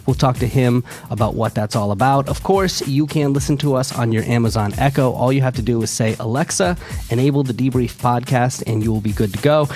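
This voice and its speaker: A man's voice: mid-range voice, fairly even intonation, fast talker, few pauses, darkish tone, soft background music. A man hosting a casual radio show, jokey and playful with his co-hosts. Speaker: host.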